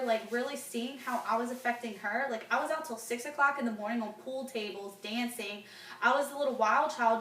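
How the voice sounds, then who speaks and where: A woman's voice: high-pitched, fairly bright tone, echoey room, far from the mic, poor audio. A woman in her twenties talking openly and emotionally to the camera in a casual vlog, with many fillers. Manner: open, emotional, chatty with fillers like "like" and "um". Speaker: fitness vlogger.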